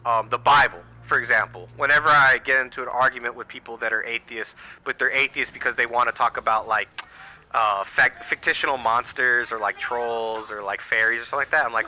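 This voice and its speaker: A man's voice: mid-range voice, steady tone, a little fast, pushed and bright, poor audio. An American man giving a heated, profane political rant to camera, firing off rhetorical questions. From United States. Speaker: channel host.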